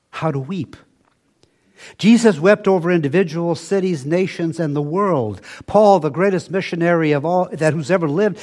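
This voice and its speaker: An older man preaching a sermon, slow and emphatic, often dropping to a soft, low voice for weight.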